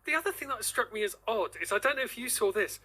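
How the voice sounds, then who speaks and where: Husky, bright-voiced jokey man on radio. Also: high voice, lively intonation, fast talker, rough recording. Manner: self-deprecating, jokey. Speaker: radio presenter. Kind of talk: casual radio chat.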